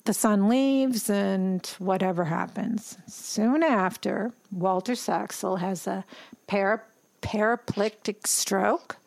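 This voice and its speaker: A woman chatting casually as she recounts a film's story with animation, dropping into quick impressions of the characters. Her voice sits at a middle pitch. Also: gravelly. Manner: animated, acts out the characters' lines. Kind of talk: casual chat retelling a film plot.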